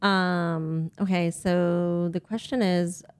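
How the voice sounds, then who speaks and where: A woman's voice: fairly low pitch, fairly even intonation, clean tone. A woman co-hosting a casual podcast, answering quiz questions and shooting back dry denials at her partner's jokes. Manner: quick denials, dry comebacks. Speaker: podcast co-host.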